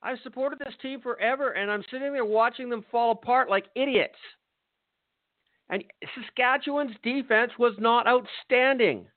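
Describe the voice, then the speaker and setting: An older man with a high voice rants with profane, exasperated frustration as a podcast host. His voice comes through dry and tinny, like a phone call. He swears freely and sounds fed up. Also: normal speed, no room sound. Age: 60s. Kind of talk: angry sports rant.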